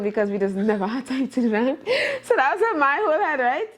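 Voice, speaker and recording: A woman gives her side of an argument in a lively, informal way, laughing often. Her voice is somewhat high. She speaks in an easy, conversational style. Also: brisk, few pauses. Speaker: co-host, wife. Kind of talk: casual conversation.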